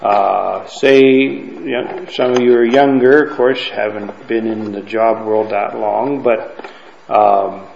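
Gravelly yet a little mellow, this fairly low male voice speaks slowly with fairly even intonation, and there's slight background noise. He's teaching a Bible class conversationally, regularly asking "okay?" and "right?" to keep listeners with him. The sound is that of a dull, roomy lo-fi room recording.

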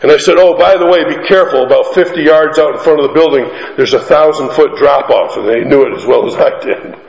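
A fairly high-voiced man preaching in a large echoing hall, the sound a bit muffled. His delivery is animated, swinging from quiet storytelling to emphatic climbing peaks. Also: creaky. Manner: animated, rising to emphatic peaks, drawn-out lines. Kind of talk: sermon with storytelling.

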